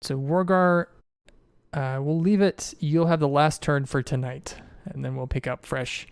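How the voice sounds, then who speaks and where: A man narrates a tabletop game as its game master, calling rolls and outcomes without fuss. His voice is smooth and clear, and the sound is dry and close. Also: fairly high pitch, steady tone, a little slow, no room sound.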